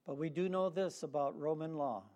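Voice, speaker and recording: A man preaching a sermon, leading the congregation in call-and-response with slow, emphatic phrasing. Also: on the high side, darkish tone.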